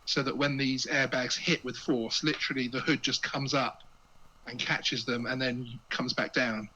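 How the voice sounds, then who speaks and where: A man's voice: mid-range voice, steady tone, normal speed, sharp tone, dull audio. A man, a guest chatting casually with jokey asides and repeated words as he gets going. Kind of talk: casual chat.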